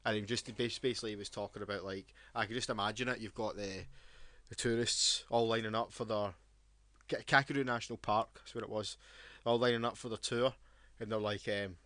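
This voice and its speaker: A man's voice: on the low side, fairly even intonation, a little fast, a bit bright, no room sound. A young Scottish man co-hosting a podcast who talks bluntly, swears freely and laughs often. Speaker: podcast co-host. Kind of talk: casual wrestling banter.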